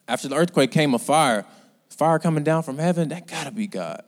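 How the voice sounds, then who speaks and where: A man preaching a sermon, speaking conversationally and sometimes rising to loud, urgent exhortation. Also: on the high side, expressive, a little fast, big-room sound.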